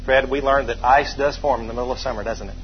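A man preaching a sermon, telling homey stories and leading his congregation in call-and-response, moving between quiet asides and loud, emphatic stretches. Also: mid-range voice, fairly even intonation, normal speed, dull audio, slight background noise.

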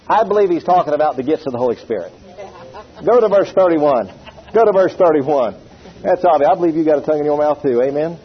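A middle-aged preacher talks fast in a fairly high voice, telling animated stories with acted-out quotes and urging the congregation to answer back. The recording is dull and lo-fi.

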